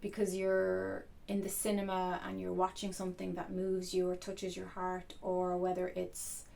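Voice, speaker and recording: A woman coach talking softly and earnestly to camera in an unhurried, reflective way. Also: lowish voice, monotone, creaky.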